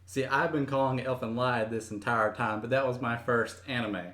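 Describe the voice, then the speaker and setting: A young man in his twenties co-hosting a casual podcast, laid-back and making deadpan jokes. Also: mid-range voice, fairly quick, echoey room. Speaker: podcast co-host. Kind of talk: casual chat.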